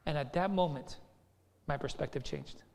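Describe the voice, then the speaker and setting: This pastor's sermon is conversational and story-driven, peppered with "right?" as he checks in with the congregation. He speaks at a moderate pace in a high-leaning voice that's gravelly yet a little mellow, and a long hall reverb surrounds the recording.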